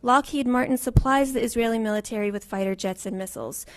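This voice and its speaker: A woman with a somewhat high voice addresses county commissioners during public comment. She pleads with them in a forceful manner. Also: fast talker.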